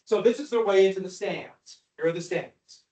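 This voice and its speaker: A man's voice: sits high, moderate pace, dark tone, poor audio. A man teaching a history class over maps and slides, chatty, with asides and rhetorical questions to his students.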